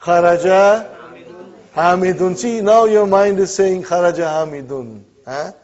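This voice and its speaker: A man's voice: sits high, a little slow, darkish tone. A man teaching an Arabic class, walking students through example sentences with frequent "huh?" and "okay?" checks, patient and encouraging. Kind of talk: classroom lesson. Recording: dull lo-fi classroom recording.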